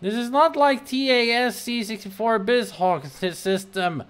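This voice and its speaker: A man commentating a let's play of a game, excitable and exclaiming as he rambles aloud. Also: very high voice, unhurried, smooth. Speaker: gamer.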